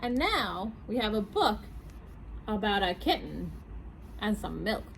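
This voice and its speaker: Woman, children's librarian, storytime reader: slow, sing-song, higher voice, keeps asking the kids questions. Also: gravelly, a little hiss or hum, low-quality recording. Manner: animated, asks young listeners questions. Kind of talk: reading picture books aloud at a storytime.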